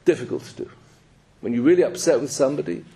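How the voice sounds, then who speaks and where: A man's voice: mid-range voice, animated, fast, creaky, mellow, slightly rough. A man giving a Torah sermon in an emphatic, storytelling way. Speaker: rabbi.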